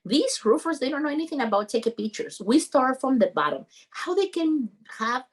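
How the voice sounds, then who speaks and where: Her voice is high, brisk and slightly rough as she recounts an emotional story in English. She's a roofing business founder guesting on a podcast, earnest and animated, with grammar that marks her as a non-native speaker.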